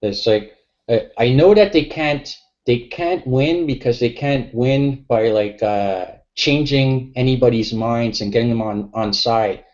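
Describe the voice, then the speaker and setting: A man's voice: mid-range voice, a little slow, a little mellow, lo-fi sound. A man in a casual online discussion, rambling and sweary, full of "you know what I mean" and "like". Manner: rambling, filler-heavy, sweary.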